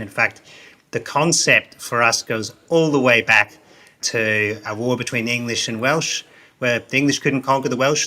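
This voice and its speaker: A man's voice: mid-range voice, bright, forceful tone. A man, a business consultant, giving emphatic interview answers that repeat key phrases.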